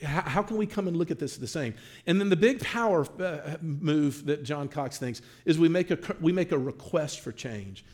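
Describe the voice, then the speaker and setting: Pastor guy teaching a marriage class, fairly high voice, swings all over the place, acts out bits of dialogue. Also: moderate pace. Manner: animated, acts out quoted dialogue.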